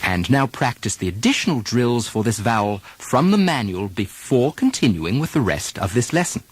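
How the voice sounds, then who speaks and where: Male dialect coach, instructive, models words for repetition; animated pitch. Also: moderate pace, slightly rough. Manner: instructive, carefully demonstrates vowels and stresses. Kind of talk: recorded accent lesson.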